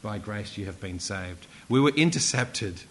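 A man preaches a sermon in a lively, animated way, his voice rising and falling widely. He presses hard on the key points and slips in casual asides and self-corrections. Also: fairly low pitch, measured pace, slight background noise, rough recording.

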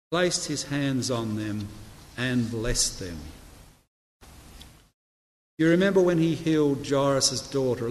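A man preaching a sermon, reading scripture slowly and measured, softening quoted words. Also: mid-range voice, slight background noise. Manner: slow, measured reading with quiet, soft delivery of quoted words. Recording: long hall reverb.

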